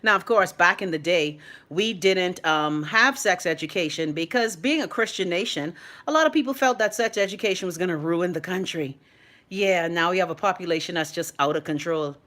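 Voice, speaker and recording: On her phone livestream, a Bahamian woman reads comments from her audience and chats informally, laughing frequently with playful energy. Her voice is fairly low in pitch and her pace is normal.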